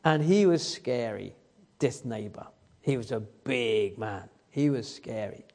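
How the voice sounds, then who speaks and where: A man's voice: medium pitch, lively intonation, slow pace, a little mellow. A man preaching a sermon, telling the story and asking the congregation rhetorical questions. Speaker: guest preacher. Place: church hall. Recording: church service recording with long hall reverb.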